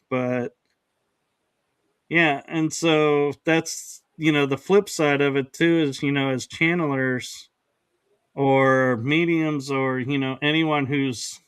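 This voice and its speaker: Slow, smooth-voiced male podcast host. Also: on the high side, fairly even intonation, fairly bright tone, dry recording. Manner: slow, hesitant, with frequent restarts and acted-out quotes. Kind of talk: casual conversation.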